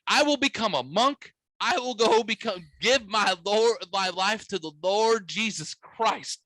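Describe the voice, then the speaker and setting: A man's voice: high voice, animated, measured pace, few pauses, bright, forceful tone, no room sound. A man hosting a podcast, telling a story in casual chat with crude language and quoted voices. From Midwest United States. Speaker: podcast host.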